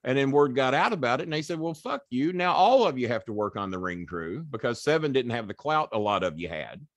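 A man's voice: medium pitch, fairly quick, no echo. Man telling a profane story. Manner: profane, animated retelling with quoted voices. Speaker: podcast guest. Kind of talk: storytelling in casual chat.

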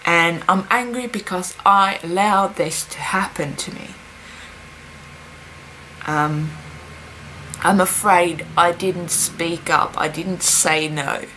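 Slow, halting woman talking to camera. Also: fairly low pitch, pushed and bright, slight background noise, low-quality recording. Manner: halting, hesitant, full of pauses and fillers. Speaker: vlogger. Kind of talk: personal confessional vlog.

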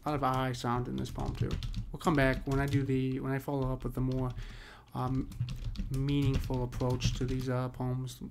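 A man teaching a poetry lesson in a casual, step-by-step way, often checking in with "right?" and slowing down to read verse lines. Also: mid-range voice, a little hiss or hum. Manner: talks through steps with frequent "right?" and fillers; reads verse lines slowly and deliberately.

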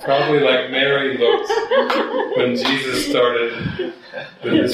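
A man's voice: mid-range voice, fairly even intonation, measured pace, a bit bright. A man, a spiritual teacher, telling stories to a gathering and often laughing at his own jokes. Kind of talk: talk to a gathering. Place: meeting hall at a gathering. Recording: very echoey room, voice from far off.

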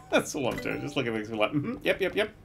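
A middle-aged man streaming a game live, muttering to himself, swearing freely and bursting into excited exclamations. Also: medium pitch, normal speed, gravelly, slight background noise. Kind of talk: live gameplay commentary.

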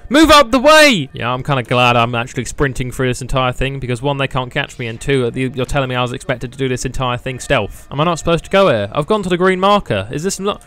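A man's voice: mid-range voice, fast, few pauses, a bit bright. A man doing sarcastic comedic commentary while playing a video game, laughing often and mocking it. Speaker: gaming YouTuber. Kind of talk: comedic let's play commentary.

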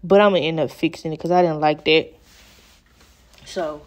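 A woman's voice: low voice, steady tone, moderate pace, long pauses, darkish tone. A young woman talking through a wig install in a casual, exasperated vlog style, chatting straight to her viewers. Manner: exasperated, chatty, addresses viewers as girl and y'all. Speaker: beauty vlogger. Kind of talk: casual talk-through hair tutorial. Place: home room at a mirror.

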